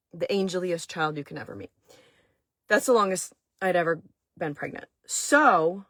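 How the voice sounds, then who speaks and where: A woman's voice: on the low side, fairly bright tone, no echo. Chatty middle-aged woman from Maine, dry close sound. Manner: chatty, emotional, many fillers and restarts; talks to viewers in the chat. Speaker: host of a chat stream. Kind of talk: casual storytelling chat.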